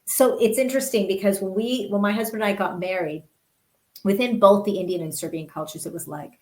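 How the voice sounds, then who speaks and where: A woman's voice: medium pitch, brisk, low-quality recording. A middle-aged woman, a guest in an interview, telling personal stories earnestly and often restarting her words. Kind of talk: candid personal storytelling.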